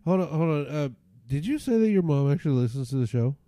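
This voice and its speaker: A man's voice: on the high side, animated, fast, warm tone, no room sound, studio quality. A man hosting a podcast, trading crude jokes in casual banter. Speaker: podcast host. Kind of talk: casual chat.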